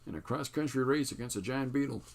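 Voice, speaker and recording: A man's voice: mid-range voice, quick pace, creaky, background noise, voice pushed up, lightly acted. A man doing a boastful old-timer spinning tall tales. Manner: scolding, folksy.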